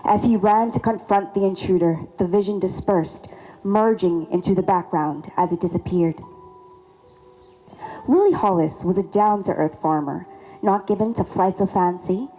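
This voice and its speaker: A woman narrating a local ghost legend in a measured, formal reading. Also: mid-range voice, mellow, soft background music, poor audio. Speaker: storyteller. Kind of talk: ghost story narration in a lecture series.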